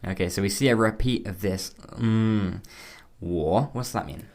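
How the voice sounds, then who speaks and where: A man's voice: lowish voice, normal speed, a little mellow. A man co-hosting a language lesson podcast, asking questions and spelling out words letter by letter. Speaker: co-host.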